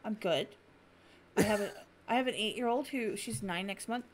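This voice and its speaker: A middle-aged woman co-hosting a stream, telling blunt, animated stories in casual chat. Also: medium pitch, moderate pace, a little hiss or hum. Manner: blunt, animated storyteller acting out her cat. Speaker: stream co-host.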